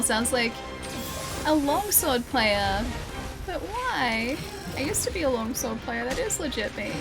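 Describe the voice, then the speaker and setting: A woman's voice: a little high, rough recording. A woman with an Australian accent chatting casually as she plays a game on stream, coaxing and teasing the monsters. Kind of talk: casual gameplay commentary. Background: game music.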